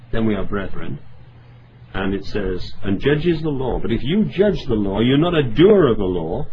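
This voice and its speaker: A male preacher works through scripture, stressing key words and circling back to repeat his points. His voice sits at an ordinary middle pitch. The recording is a little dull, with a faint hiss underneath. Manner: earnest, emphatic scripture reading with many asides. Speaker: pastor. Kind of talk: sermon. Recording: slightly dull sound with faint background noise.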